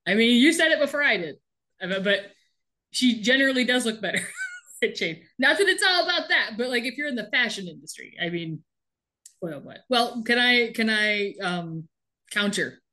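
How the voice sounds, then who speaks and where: Bright, animated woman recapping a show. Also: fairly high pitch, moderate pace. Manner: animated, laughs often while telling. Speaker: podcast co-host. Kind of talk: casual chat recapping a TV show.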